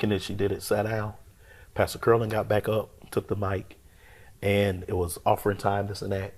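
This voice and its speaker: A man, a pastor and guest, telling a personal testimony in an interview, colloquial and expressive, acting out what he said to himself. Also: lowish voice. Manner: expressive, colloquial storyteller who acts out his own inner voice.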